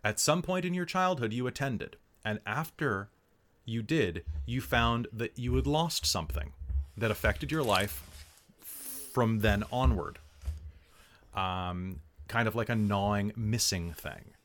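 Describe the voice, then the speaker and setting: A man acting as game master, chatting casually and explaining the game setup in an animated, excitable way. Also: on the low side. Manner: animated and excitable, quick asides.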